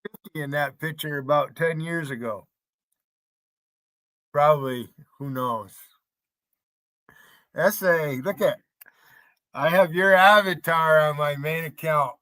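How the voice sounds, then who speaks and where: Male streamer, combative and foul-mouthed, calls out chat viewers; slightly high, sharp-toned voice. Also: slow, long pauses, no room sound. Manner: profane, taunting, combative; addresses chat viewers by name. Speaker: livestream host. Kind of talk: ranting livestream commentary.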